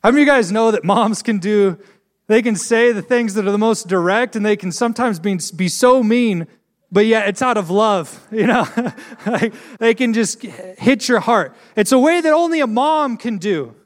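A man's voice: high voice, expressive, normal speed. A young man preaching a sermon and telling a personal story in an earnest storytelling manner, laughing at himself at times. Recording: long hall reverb.

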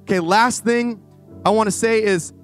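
An animated man preaches from a church stage, his voice sitting high for a man. He talks with restless energy, trailing into asides. Faint music runs under his words. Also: normal speed. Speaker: youth pastor. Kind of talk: sermon. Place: church stage before a congregation.

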